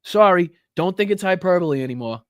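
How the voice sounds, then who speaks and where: A man's voice: sits high, lively intonation, a little fast, clean tone, no echo, clean studio sound. Swearing, emphatic male live-streamer. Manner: heavy swearing, emphatic, repeats 'right?'. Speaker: political live-stream commentator.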